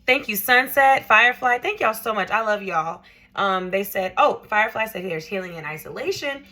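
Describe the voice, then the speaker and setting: A woman's voice: medium pitch, expressive, normal speed, bright, forceful tone. A woman hosting a casual livestream chat as a tarot reader, chatty and laughing, reading out viewer comments.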